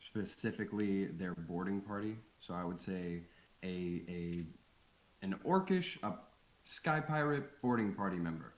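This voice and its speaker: A man's voice: low-pitched, lively intonation, measured pace. A man playing a tabletop role-playing game, easygoing and thinking aloud. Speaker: player. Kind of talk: tabletop role-play over voice chat. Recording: lo-fi and echoey.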